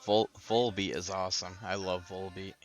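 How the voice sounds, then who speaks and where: A man's voice: sits low, little pitch movement, normal speed, faint music behind, poor audio. A man hosting a casual live stream, chatting with viewers by name and laughing often. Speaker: livestream host. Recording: background noise.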